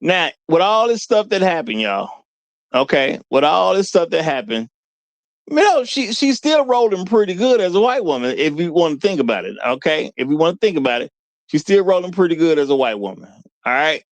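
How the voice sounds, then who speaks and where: Animated, laughing male show host. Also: a little high, normal speed, no room sound. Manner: animated, laughs often, repeats lines. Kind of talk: live commentary show.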